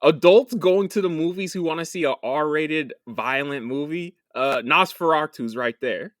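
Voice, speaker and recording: A man's voice: fairly high pitch, unhurried, dry recording, studio quality. A man co-hosting a casual film podcast, joking, swearing and laughing a lot. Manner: joking, profane, laughs often. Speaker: podcast co-host.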